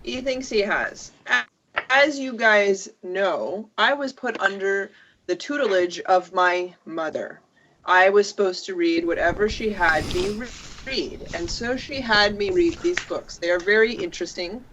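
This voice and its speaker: Woman, tabletop player, measured, hesitant, hissy recording. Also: mid-range voice, animated, fairly bright tone, highs cut off. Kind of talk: playing a character in a tabletop game.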